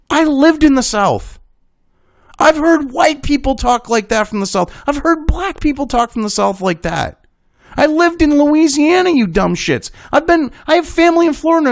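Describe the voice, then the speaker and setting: A man's voice: very high-pitched, creaky, dry recording, studio quality. A man hosting a commentary show, ranting with indignant, sarcastic, profane outbursts.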